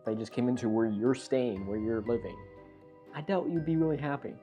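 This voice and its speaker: A man with a medium-pitched, brisk voice chats casually while reacting to a video, with faint music playing behind him. He rambles and keeps cutting himself off, sounding animated throughout.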